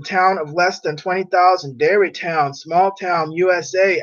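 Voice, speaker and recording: A man's voice: a little high, fairly bright tone. A man hosting a casual chat, reading out viewer comments and rambling through personal stories, laughing often. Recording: dull lo-fi sound.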